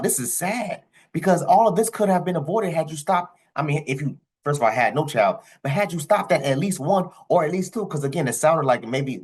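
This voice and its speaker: A man giving blunt, profane commentary as a vlogger, with his pitch jumping high on the words he stresses. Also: breathy edge, rough recording. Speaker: commentary vlogger reacting to a clip. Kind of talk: ranting commentary.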